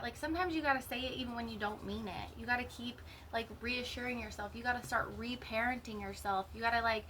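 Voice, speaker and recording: Woman with a bright high-ish voice, raw candid storytelling, swears a lot. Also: fairly even intonation, fast talker, few pauses, slight background noise, rough recording. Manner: raw, profane, emotional storytelling. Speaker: vlogger sharing a personal story. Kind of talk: candid personal monologue.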